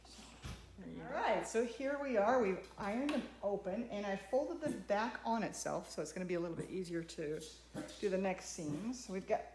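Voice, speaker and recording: A sewing channel host chats with her dog while she works through a casual tutorial at home. Her medium-pitched voice is expressive and a little fast, captured in an echoey room with background noise.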